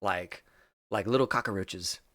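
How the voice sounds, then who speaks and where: A man's voice: deep voice, slow pace, pushed and bright, no echo, studio quality. A man narrating as game master, loose and chuckling, with many fillers. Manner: loose, laughing, lots of fillers.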